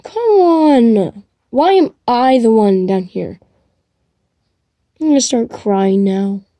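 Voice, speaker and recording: A woman narrating her gameplay in a high, bouncy voice that leaps all over the place. Her tone is mellow rather than bright. The sound is dry and close. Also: slow pace, dry recording. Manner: excitable, talks to herself while playing. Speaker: gamer streaming gameplay. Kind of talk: casual gameplay commentary. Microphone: device mic while playing on a tablet.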